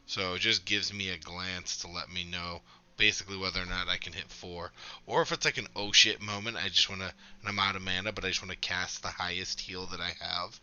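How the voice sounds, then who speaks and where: A man's voice: low voice, pushed and bright, clean tone. A man streaming a game, chatting casually and swearing freely as he explains his setup at length. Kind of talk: casual gameplay chat.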